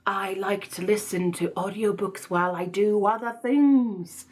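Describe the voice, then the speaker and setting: A woman book vlogger chatting casually in a put-on snobbish accent, playful and self-mocking, her pitch swooping up and down. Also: unhurried, darkish tone. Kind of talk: casual chat.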